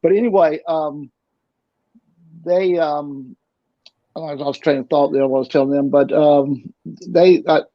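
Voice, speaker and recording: A man's voice: a little high, fairly even intonation, measured pace, pauses often, no room sound. A middle-aged man telling his story casually as an interview guest, rambling and often repeating and restarting his words. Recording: dull lo-fi recording.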